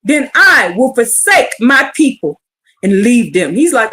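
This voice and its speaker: A woman's voice: a little high, sing-song, unhurried, bright, forceful tone. A woman reading scripture aloud on a livestream, breaking off into blunt, profane asides and pleading rhetorical questions. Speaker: scripture teacher. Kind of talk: livestreamed Bible reading with commentary.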